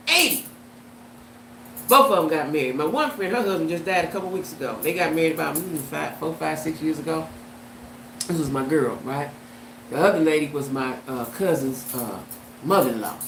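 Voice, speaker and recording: A woman hosting a casual commentary vlog, talking to her viewers in an animated way and often asking them "right?". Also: low-pitched. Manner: animated, talks to viewers with "right?" and "you know what I'm saying". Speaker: host. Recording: echoey room with faint background noise.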